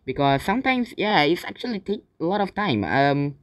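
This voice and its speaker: A man giving live gaming commentary in non-native English, bursting into yells and swearing between calmer remarks. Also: fairly high pitch, normal speed, no room sound. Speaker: gaming channel host.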